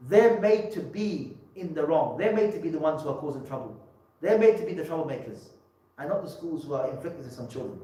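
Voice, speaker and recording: Male speaker, emphatic public talk, higher voice, distant mic, heavy hall echo. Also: darkish tone. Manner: emphatic, with many repeated words and restarts. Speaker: religious scholar giving a talk. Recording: echoey hall, mic from far off.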